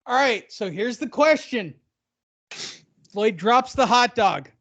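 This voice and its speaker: A man's voice: very high-pitched, lively intonation, slow, fairly bright tone, dry recording. Playful man spinning silly hypotheticals. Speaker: podcast co-host. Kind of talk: casual boxing banter.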